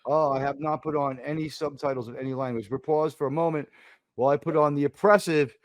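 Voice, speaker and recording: An American man hosting a casual online panel, joking around with quick asides and loud bursts. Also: fairly high pitch, steady tone, dry recording. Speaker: panel host.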